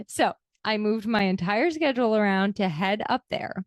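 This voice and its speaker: A woman's voice: medium pitch, expressive, normal speed, hardly any pauses, dry recording, studio quality. A woman hosting her own podcast, speaking candidly and reflectively, sometimes emotional. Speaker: podcast host. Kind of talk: reflective personal podcast talk.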